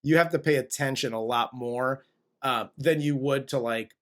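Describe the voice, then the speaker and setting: A man's voice: medium pitch, moderate pace, fairly bright tone. A man hosting a movie review podcast in a laid-back, joking casual chat. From United States. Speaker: podcast host.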